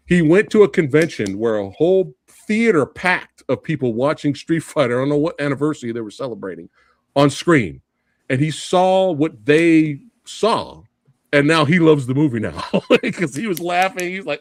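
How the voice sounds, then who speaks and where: A man's voice: on the high side, big pitch swings, normal speed. A middle-aged man co-hosting a casual movie debate, laughing often and quoting lines. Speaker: podcast co-host.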